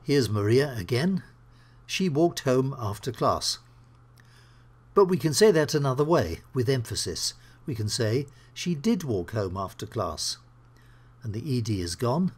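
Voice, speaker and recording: Male English teacher, husky, animated delivery, slow careful explaining. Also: medium pitch. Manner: slow, clear explaining with examples. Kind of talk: grammar lesson.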